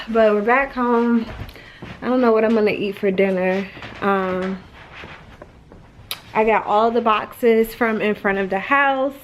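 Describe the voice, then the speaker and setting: A woman chatting casually to her viewers in a daily vlog, slipping into high baby talk when she speaks to her dog. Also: slow pace, pauses often, slight background noise, low-quality recording. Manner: relaxed, chatty, talks to viewers as y'all. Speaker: vlogger.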